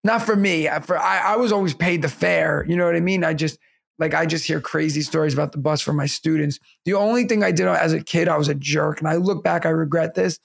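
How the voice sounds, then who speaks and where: Gravelly-voiced man telling funny stories. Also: on the high side, brisk. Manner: laughing storyteller, animated anecdotes. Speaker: podcast co-host. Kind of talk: casual chat.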